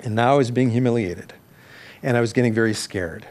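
A man's voice: mid-range voice, fairly quick, a little mellow. A middle-aged man telling a personal story in a candid, self-deprecating way, often correcting himself and laughing at his own words. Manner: restarts and corrects himself mid-sentence.

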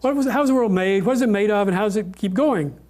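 A man's voice: sits high, fast talker, darkish tone, natural voice. A man voicing a persistent monk who keeps asking how the world was made. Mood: earnest. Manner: earnest, questioning. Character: earnest male monk seeking answers, persistent.

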